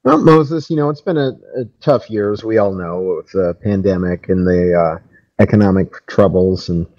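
A man co-hosting a sports fan podcast, talking in a relaxed, wry way with lots of ums and uhs. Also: low voice, normal speed, highs cut off. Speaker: podcast co-host. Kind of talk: casual chat.

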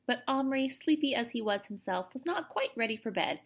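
A woman reading a children's novel aloud in an expressive, animated storytelling manner. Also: a little high, fairly quick, gravelly, breathy edge. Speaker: audiobook reader.

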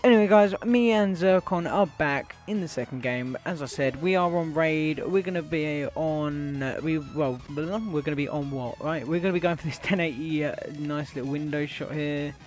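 A man's voice: on the high side, moderate pace, few pauses, faint music behind. A young British man hosting gaming commentary. He is brash, swears a lot and trash-talks his online opponent. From Britain. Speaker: gaming YouTuber host.

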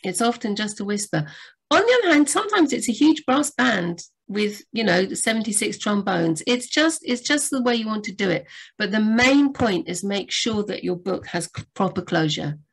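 A woman co-hosting a live writing Q&A, chatty and rambling, with sudden lively jumps in pitch. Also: normal speed, husky. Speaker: book editor and co-host. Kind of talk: live Q&A chat.

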